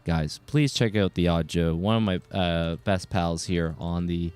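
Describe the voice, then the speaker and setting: A man hosting a live game stream, chatting casually and warmly greeting his viewers by name. His voice sits a little low and comes across smooth and clean. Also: fairly even intonation, unhurried.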